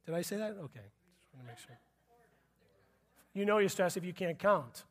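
Male pastor, high-pitched, playful sermon delivery with running gags. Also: expressive, moderate pace, breathy edge. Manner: joking, repeats punchlines, laughs at himself. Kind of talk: sermon with humor.

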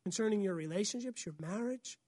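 A woman pastor, preaching a sermon in an animated way, often acting out voices and laughing. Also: medium pitch, a little fast, no room sound, studio quality.

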